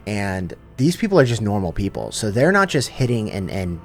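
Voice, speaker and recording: A man recaps a story in a relaxed, slangy way, stumbling over restarts and tossing in filler words. His voice sits fairly low. Soft music plays underneath. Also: normal speed. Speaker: lore summarizer. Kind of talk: casual lore recap.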